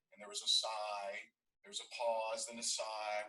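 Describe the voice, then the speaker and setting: Male marketing coach, bright voice, animated anecdote teller, recorded a little far from the mic. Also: fairly low pitch, normal speed. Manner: storytelling, acts out voices in his anecdote. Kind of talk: motivational teaching talk.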